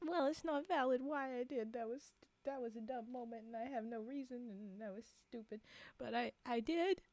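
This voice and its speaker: A woman's voice: high voice, normal speed, a little mellow, no echo. A woman streaming live from a home setup on a desk microphone, chatting casually, giggling often and poking fun at herself. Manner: giggly, rambling, self-mocking.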